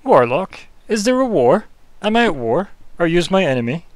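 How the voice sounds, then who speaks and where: A man's voice: medium pitch, measured pace, vocal fry, smooth. A man voicing a bearded male stranger who practices magic, sarcastic and given to feigned shock. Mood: mock outrage. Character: bearded male stranger mage, mocking and theatrical.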